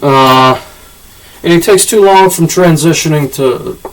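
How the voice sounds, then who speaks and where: A man's voice: fairly high pitch, unhurried, slight background noise. A man hosting a casual football analysis, blunt and profane, talking like a coach explaining routes. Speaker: channel host analyzing draft picks. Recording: voice from a distance off the mic.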